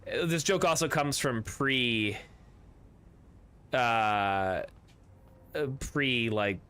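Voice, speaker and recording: A man's voice: mid-range voice, drawn-out words, pushed and bright, clear, resonant tone. A man streaming a tabletop game with friends, chatting casually, rambling through jokes and riddles and swearing now and then.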